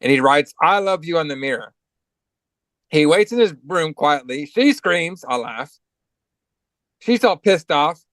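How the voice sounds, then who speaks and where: Man, a bit high voice, has a cold, casual profane movie recap, lots of fillers, dry close sound. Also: expressive, a little slow, pauses often, a bit bright, no echo. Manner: loose, profane play-by-play with many fillers. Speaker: podcast co-host.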